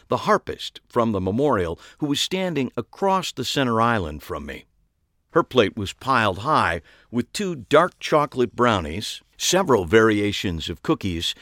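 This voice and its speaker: A man's voice: medium pitch, a bit bright, no echo. A man narrating a story in the first person, dry and wry in tone. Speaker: audiobook narrator.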